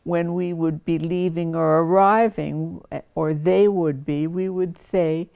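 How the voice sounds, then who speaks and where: Slow, gravelly older woman. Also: fairly low pitch, fairly even intonation, warm tone. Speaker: interviewee. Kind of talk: news interview.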